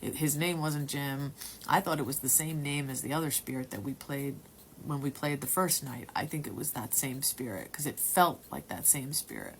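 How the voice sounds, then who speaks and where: A woman at home telling a personal story in a rambling, halting way, sometimes dropping to a whisper. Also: a bass voice, slight background noise. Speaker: testimony speaker.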